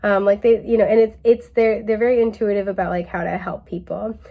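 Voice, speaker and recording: A woman's voice: mid-range voice, fairly even intonation, a little fast, phone-quality sound. A woman giving a casual pick-a-card tarot reading, chatty and laid-back, with lots of fillers and easy laughter. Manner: puts on a mellow drawl for quoted phrases.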